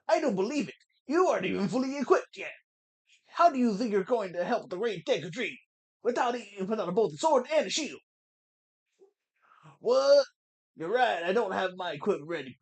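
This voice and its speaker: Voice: mid-range voice, slightly rough. A gamer putting on a bad, exaggerated Southern drawl to voice a bossy, boastful forest boy in a fantasy game. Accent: exaggerated American Southern. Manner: indignant, blustering.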